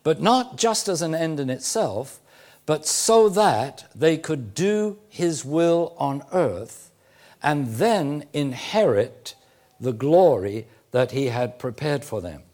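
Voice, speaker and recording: A man preaching a sermon, teaching slowly and deliberately with emphatic phrasing and occasional fillers. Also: a little high, animated, darkish tone. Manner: occasional throat clearing and "uh" fillers.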